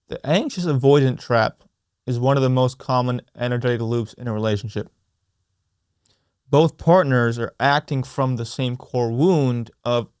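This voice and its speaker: A young man hosting a solo podcast, speaking earnestly with slow, emphatic, repetitive phrasing. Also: medium pitch, clean tone, no room sound, clean studio sound. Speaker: podcast host. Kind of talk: reflective solo podcast talk.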